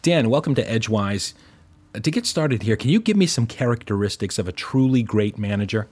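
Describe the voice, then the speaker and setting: A man hosting a business podcast, reading a scripted intro and asking interview questions in a measured way. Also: on the low side, animated, darkish tone. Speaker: podcast host.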